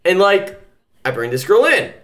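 A young man tells a story in a loose, casual chat, swearing freely and slipping into voices for the people in it. His voice sits a little high, and his pitch swings widely as he gets going. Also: moderate pace. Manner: animated, profane, acts out voices in his story. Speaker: podcast co-host telling a story.

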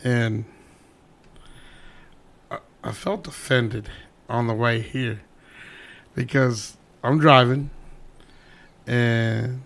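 A man's voice: mid-range voice, drawn-out words, creaky, pauses often, fairly bright tone. A man co-hosting a casual podcast, bringing up a topic in a laid-back, rambling, slightly indignant way. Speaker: podcast co-host. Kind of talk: casual chat.

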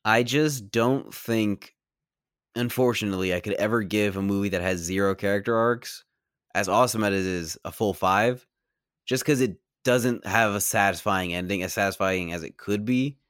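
Animated swearing man reviewing movies. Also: fairly low pitch, normal speed, no echo, studio quality. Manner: animated, swears a lot, yells in excited bursts. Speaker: podcast co-host. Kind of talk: casual movie review chat.

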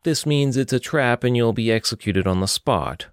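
A man voicing a composed older brother who delivers grave news in a slow drawl. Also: medium pitch, lively intonation, clean tone, no room sound, clean studio sound, voice pushed up, natural voice.

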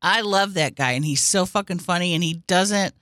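A woman hosting a casual podcast, laughing often and reacting in a lively way. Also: on the low side, normal speed, dry recording.

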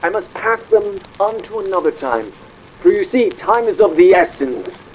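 A grandiloquent, condescending father, holding forth from a scratchy old vinyl record with lively swings in his voice. The sound is dull and lo-fi, like a record playing back. His manner is theatrical and imperious. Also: high-pitched, moderate pace. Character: pompous aristocratic father speaking from an old record. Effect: old vinyl record playback.

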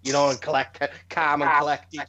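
A man's voice: on the high side, little pitch movement, normal speed, sharp tone. A man on a podcast, chatting casually and telling stories in a rambling way, swearing and restarting his sentences often. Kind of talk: casual chat.

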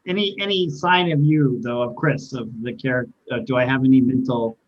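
A man playing a tabletop role-playing game, relaxed and joking in casual chat. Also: mid-range voice, brisk, dull audio. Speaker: player.

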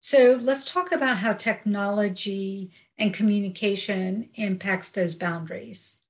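A woman hosts the conversation at a medium pitch, speaking in a measured, even way. She sets up each topic briefly before handing over to her guest. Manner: measured, leads topics with short summaries. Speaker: podcast host. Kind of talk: interview hosting.

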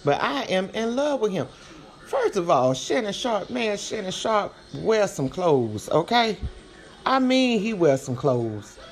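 A woman hosting a podcast, giving casual commentary in an animated, slangy, chatty way, her voice swinging between loud and soft. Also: mid-range voice, unhurried. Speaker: podcast host.

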